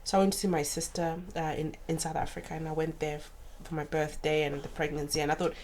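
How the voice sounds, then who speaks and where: A woman's voice: sits low, level tone, quick pace, a little mellow, slight background noise. A woman in her forties telling a personal story as a guest in a sofa chat. She talks earnestly and openly, and she acts out other people's remarks. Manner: earnest and open about painful memories. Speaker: podcast guest.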